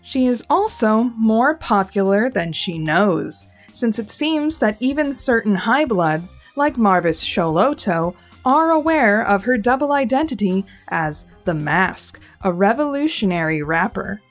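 A woman's voice: medium pitch, expressive, measured pace, hardly any pauses. A woman narrating a scripted fan lore video, with wry, lightly sarcastic asides. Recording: soft background music.

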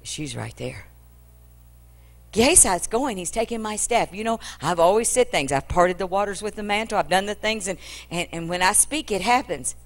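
A woman evangelist preaching a dramatic storytelling sermon in an animated, conversational way. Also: mid-range voice, moderate pace. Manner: animated, conversational, acts out scenes.

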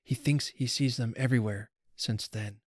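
A man reading aloud as Father Time, an old figure speaking gently, slowly and soothingly. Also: mid-range voice, fairly even intonation, no echo, studio quality, lightly acted. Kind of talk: storybook reading.

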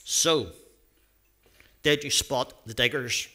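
A man giving a children's talk in a church service, telling a story with lively character voices. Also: medium pitch, takes it slowly.

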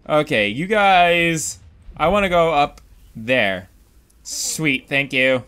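A man's voice: a little high, lively intonation, slow pace, pushed and bright, clean tone. A man giving casual commentary over his own game playthrough, goofy and rambling, exclaiming at what happens on screen. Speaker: Let's Play gamer.

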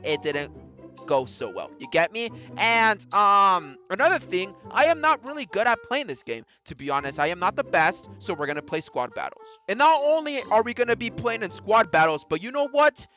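An excitable gamer narrates a football match in let's play style, shrieking and yelping whenever the play gets close. The voice leaps wildly up and down, and Spanish exclamations slip into the English. Soft background music plays underneath. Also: mid-range voice, normal speed, few pauses. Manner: excitable, yelps and shrieks at near misses. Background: faint background music.

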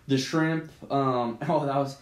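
A man's voice: medium pitch, steady tone, takes it slowly. Laid-back man with a roomy echo. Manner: laid-back, laughing storyteller. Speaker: podcast co-host. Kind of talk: casual chat.

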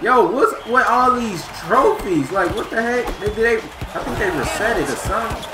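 A man's voice: sits high, normal speed. A young man, commentating his own basketball video game and swinging between hype and frustration. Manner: excitable, yelling at the game, frustrated outbursts. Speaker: gaming YouTuber. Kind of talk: live gameplay commentary. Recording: roomy sound with loud game music.

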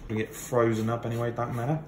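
A man's voice: mid-range voice, flat delivery, fast, lightly acted. Bumbling old-inn cook guy rambling about pasta, man doing the voice, echoey kitchen w/ clatter noise. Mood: jolly. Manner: chummy, rambling, calls everyone mate and love. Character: jolly bumbling male innkeeper cook. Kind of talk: comic cooking tutorial.

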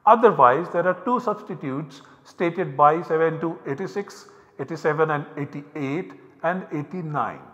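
A man with an Indian English accent giving a recorded university lecture, explaining step by step with measured pauses. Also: on the high side, a bit bright. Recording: dull, hall-like lecture recording.

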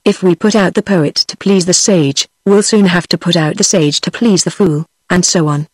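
A text-to-speech woman's voice with a British accent reading the lines of a witty, pompous old male doctor in a flat, even manner. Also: fairly low pitch, moderate pace, dry recording, natural voice. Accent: British English.

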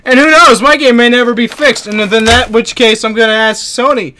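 A man streaming a car game, joking and yelling at the game as he plays. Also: very high-pitched. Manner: joking, animated, quick to laugh and yell at the game. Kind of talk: casual gaming stream commentary.

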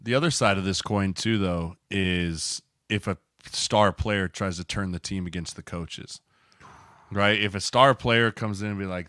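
Lowish, bright male voice; laid-back co-host filling talk with "like", dry close mic. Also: measured pace, no echo. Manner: conversational, fills speech with "like" and "right". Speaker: podcast co-host, former lineman. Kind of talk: casual podcast chat.

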